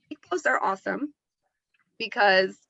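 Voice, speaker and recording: A bright, crisp-voiced woman coaching her team over a video call, upbeat and chatty. The sound is dry and close, a little dull and lo-fi like a laptop mic. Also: mid-range voice, brisk, dry recording. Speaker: team leader training new members. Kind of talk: Zoom team training call.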